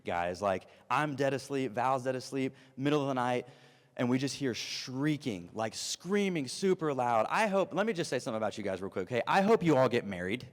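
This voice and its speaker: A man in his thirties preaching an animated, storytelling youth sermon. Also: mid-range voice. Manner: animated storytelling, acts out voices. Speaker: youth pastor. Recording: long reverb of a hall.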